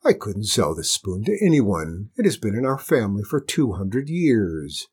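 A man voicing a polite, smooth-talking male traveling stranger in a voice close to his own, reading a storybook. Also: on the low side, big pitch swings, normal speed, a little mellow.

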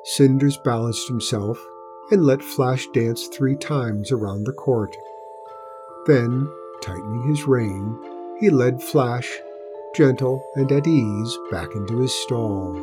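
A man gently reading a children's storybook aloud as narrator, slow and unhurried. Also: medium pitch, over music.

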